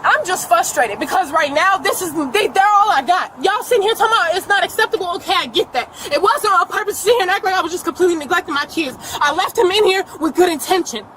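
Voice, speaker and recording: A woman's voice: extremely high pitch, expressive, fast talker, hardly any pauses, fairly bright tone, slight background noise, rough recording. A woman in her twenties, upset and defensive, swearing as police question her outdoors, caught on a body camera. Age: 20s. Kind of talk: emotional argument. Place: outdoors in a mall parking lot.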